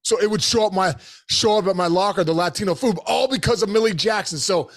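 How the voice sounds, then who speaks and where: A man hosting a podcast, telling a story casually in animated bursts, full of restarts and "bro" and "dude". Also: high voice, quick pace.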